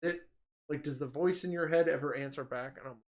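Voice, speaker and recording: A man's voice: on the high side, brisk. A man co-hosting a podcast, chatting casually and laughing often as he tells stories and slips into voices. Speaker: podcast co-host. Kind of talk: casual chat.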